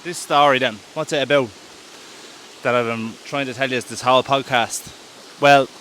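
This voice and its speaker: An Irish man with a bright, lively tone tells a story while walking in the woods, filming himself on camera. He rambles and corrects himself casually. A faint outdoor hiss sits behind him. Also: mid-range voice. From Ireland. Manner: chatty, rambling, self-correcting. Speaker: podcast host. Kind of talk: casual storytelling on a woodland walk. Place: outdoor woodland walk. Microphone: self-held camera while walking.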